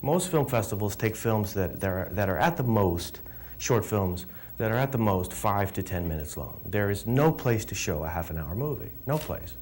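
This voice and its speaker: A middle-aged film director answering interview questions with emphatic, animated storytelling and repeated words. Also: male voice, fairly low pitch, moderate pace, a little hiss or hum.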